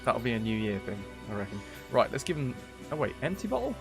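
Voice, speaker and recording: A man's voice: mid-range voice, sing-song, quick pace, vocal fry, over music. A man streaming a game, chatting casually and rambling with jokes as he plays. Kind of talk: casual gameplay commentary.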